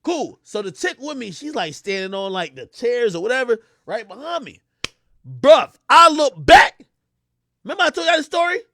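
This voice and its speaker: A young man telling a story on his livestream, excitable and loud, acting out the voices he quotes. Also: very high-pitched, fairly quick, few pauses, dry recording, clean studio sound. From Jamaica. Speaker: streamer.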